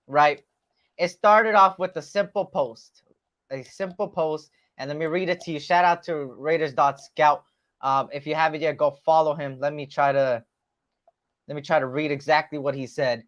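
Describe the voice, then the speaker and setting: A man hosting a casual live stream, greeting chat viewers by name in relaxed, slangy talk. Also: fairly high pitch. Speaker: livestream host. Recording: dull lo-fi sound.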